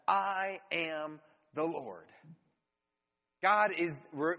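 A pastor delivers an earnest sermon in a fairly high voice, pausing for effect and tossing rhetorical questions to the congregation. His words ring out with a long reverb, as in a large church sanctuary. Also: a bit bright. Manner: earnest preaching with rhetorical questions and dramatic pauses.

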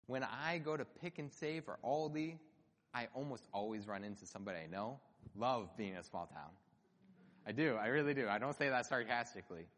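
A man preaching a sermon as pastor, in an earnest, conversational way with emphatic lifts, in a church sanctuary. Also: mid-range voice. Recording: long hall reverb.

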